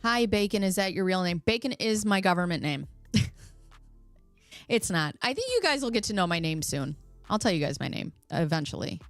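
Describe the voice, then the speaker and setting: Animated and at normal speed, a mid-range female voice hosts a laid-back American livestream, joking and laughing while reading viewers' comments aloud. The recording is dry, with faint music behind.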